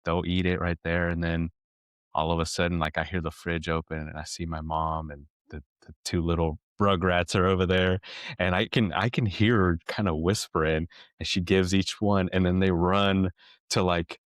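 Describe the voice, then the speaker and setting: A man with a deep, low voice tells a family story on a parenting podcast. He rambles and restarts often, and his tone turns reflective. The sound is dry and close, with no room around it. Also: flat delivery, normal speed, dry recording. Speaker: podcast co-host. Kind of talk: casual storytelling chat.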